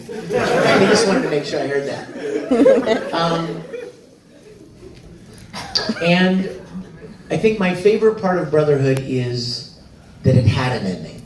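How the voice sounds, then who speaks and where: A middle-aged man telling lively stories at a convention panel, laughing often and acting out quotes in high voices. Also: slow pace, long pauses, a crowd in the background. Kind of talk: storytelling to a live audience. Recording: echoey hall from far off, faint noise.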